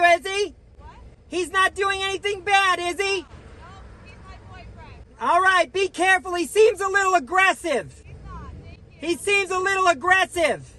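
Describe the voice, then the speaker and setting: A man putting on a nosy, brash prankster voice, shouting and taunting a stranger in a parking lot. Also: very high voice, pitched above the performer's own voice, heavily acted.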